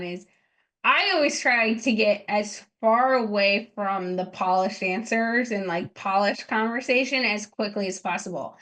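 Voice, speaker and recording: Woman, podcast host, casual chat, says "like" a lot, lively quoted asides, mid-pitched voice. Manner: chatty, lots of "like", acts out lively quotes. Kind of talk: casual conversational interview.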